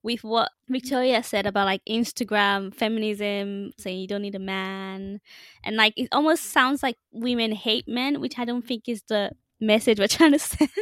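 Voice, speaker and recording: A woman's voice: mid-range voice, moderate pace, a bit bright, dry recording, studio quality. A young woman co-hosting a casual podcast, speaking in an easygoing way as she thinks aloud. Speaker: podcast co-host. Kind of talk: casual chat.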